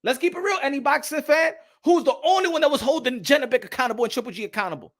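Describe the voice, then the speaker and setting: A man's voice: very high voice, fairly bright tone. A man hosting a boxing channel, ranting casually with lots of stammered restarts. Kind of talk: casual vlog rant.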